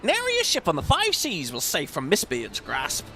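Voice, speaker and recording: A man's voice: a little high, wildly swooping pitch, normal speed, vocal fry, pushed and bright, heavily acted. A man voicing a chatty old male sailor who tells an old-timey seafaring yarn, reading game dialogue aloud. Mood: spinning a yarn. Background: game music.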